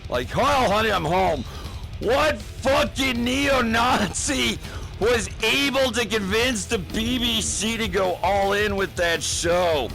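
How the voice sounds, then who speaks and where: A man's voice: sits high, slow pace, creaky, pushed and bright, soft background music, low-quality recording. A man doing a rambling, profane comedic rant full of fillers, as a gaming vlogger.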